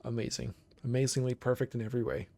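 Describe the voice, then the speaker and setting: This relaxed, talkative streamer comments casually on his game, addressing chat as he selects options. His voice is mid-range and creaky, and he talks fast.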